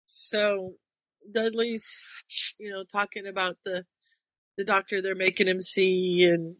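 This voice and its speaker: Chatty woman co-host recapping a story, bright and crisp, dry close mic. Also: medium pitch, little pitch movement, slow pace, dry recording. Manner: chatty, retells scenes with little acted quotes. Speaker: podcast co-host. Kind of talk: casual chat recapping a story.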